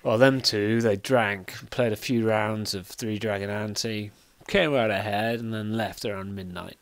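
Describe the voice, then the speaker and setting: A man voicing a shifty male barman in a seedy tavern, talking low and confidingly. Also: steady tone, a little slow, no room sound. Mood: offhand.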